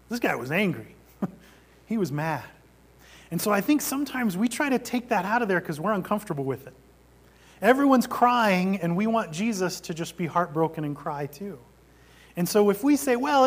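A male pastor preaching a sermon, shifting between animated emphasis and quiet, almost whispered passages. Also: high-pitched. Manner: dynamic preaching, drops to near-whisper for emphasis.

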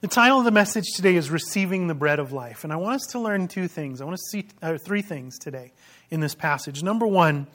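A man's voice: a little high, animated, quick pace, a bit bright. A man preaching a sermon as pastor, emphatic and full of rhetorical questions.

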